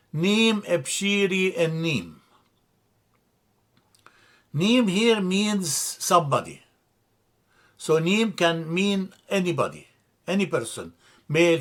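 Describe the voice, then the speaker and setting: A man teaching a language lesson from slides, slow and deliberate, repeating terms and correcting himself as he explains. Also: fairly high pitch, fairly bright tone. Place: church classroom.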